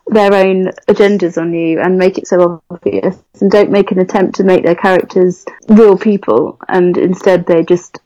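A woman's voice: fairly low pitch, fairly even intonation, normal speed, hardly any pauses, warm tone, dry recording, lo-fi sound. A young adult woman from England giving frank, opinionated criticism of a novel in a casual chat. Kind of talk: casual book discussion.

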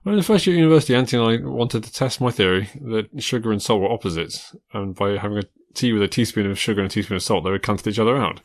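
A man's voice: lowish voice, racing, few pauses. A man co-hosting a podcast in casual chat, answering with dry, wry comebacks. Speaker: podcast co-host.

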